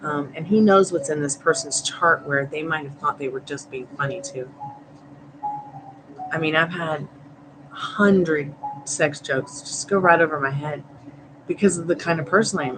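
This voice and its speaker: A woman's voice: low voice, moderate pace. Woman, tarot reader, live stream chat, rambling, laughs a lot, background noise. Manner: rambling, chatty, laughs often.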